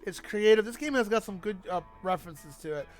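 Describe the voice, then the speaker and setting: A man's voice: high voice, animated, a little fast, soft background music. A man streaming a game, talking casually and playfully, swearing freely and laughing at the jokes. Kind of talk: casual gameplay commentary.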